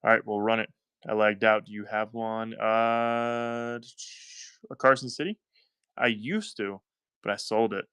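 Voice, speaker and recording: A man's voice: fairly low pitch, fairly even intonation, measured pace, pauses often, a bit bright, smooth, no room sound. A man with a Southern US accent hosting a live-stream coin auction, talking in upbeat, chatty selling patter and thanking buyers by name.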